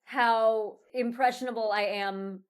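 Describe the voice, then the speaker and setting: A woman, a voice actor guest, chatting in an animated, expressive way with laughs, sounding tired. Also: a little high, slow pace, smooth. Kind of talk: casual interview chat.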